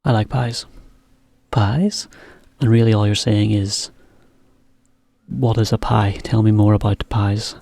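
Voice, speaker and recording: Low, gravelly man teaching English. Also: a little slow, no echo. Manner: relaxed, explains with examples and small laughs. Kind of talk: casual English lesson for Japanese learners.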